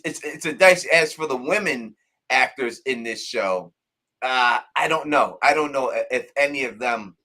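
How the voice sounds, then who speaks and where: A man hosting a live call-in stream, chatting casually and animatedly. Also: mid-range voice. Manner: animated, laughing, acts out characters. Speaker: show host.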